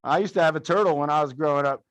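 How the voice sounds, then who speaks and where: A young man with a fairly high voice leads a fitness class, counting out reps and encouraging his students in an upbeat, playful way. The sound is dry and close, with no room echo. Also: rapid-fire, a bit bright. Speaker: fitness coach. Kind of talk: live adaptive fitness class instruction. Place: fitness studio.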